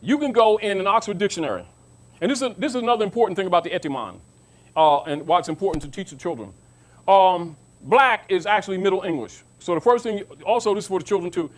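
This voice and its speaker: A man's voice: high voice, animated, fast talker. A man giving an informal teaching talk to an audience, emphatic and repetitive, often asking whether his listeners understand. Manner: emphatic, repeats himself, asks listeners if they understand. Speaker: lecturer.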